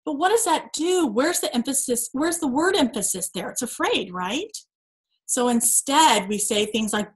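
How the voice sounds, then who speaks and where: A woman's voice: high-pitched, animated, normal speed. A woman in her thirties giving an earnest, preachy motivational talk to her sales team, full of emphatic rhetorical questions. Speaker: team call speaker.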